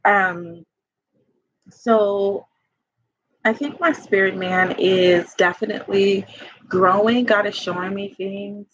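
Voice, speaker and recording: A woman's voice: mid-range voice, husky. A woman life coach in a personal vlog, talking in a confessional, rambling way full of fillers. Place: home by a fire. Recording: dull lo-fi sound.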